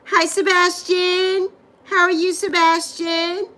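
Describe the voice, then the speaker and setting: A woman's voice: very high-pitched, little pitch movement, slow, sharp tone. A middle-aged woman hosting a casual livestream, greeting viewers by name and repeating phrases with gushing affection. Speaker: livestream host.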